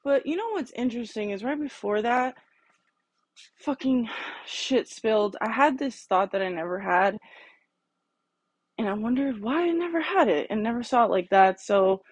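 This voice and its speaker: A woman with a husky, breathy voice talks in an unscripted solo podcast monologue, blunt and full of swearing. The sound is dry and close, with no room ring. She speaks from a garage in a ranting, plain-spoken way. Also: a little high, lively intonation, moderate pace, dry recording. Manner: blunt, heavily profane, ranting. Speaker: podcast host.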